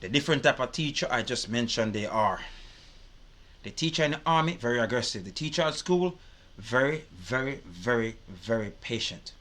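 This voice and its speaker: A man's voice: medium pitch, expressive, brisk, a bit bright. A man giving casual reaction commentary, swearing freely and repeating his points. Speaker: reaction video host.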